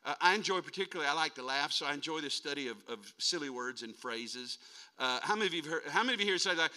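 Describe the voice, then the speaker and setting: A man in his sixties from North Dakota, a traveling preacher giving a folksy, animated sermon and calling on the congregation to answer back. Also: a little high, fast. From North Dakota, USA. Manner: folksy, animated, calls on the crowd to respond.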